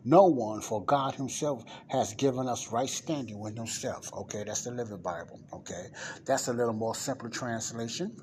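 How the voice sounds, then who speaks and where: A man's voice: mid-range voice, expressive, moderate pace, darkish tone, a little hiss or hum. Man teaching a sermon Bible lesson. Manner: reads verses aloud then explains them, asking the listeners questions.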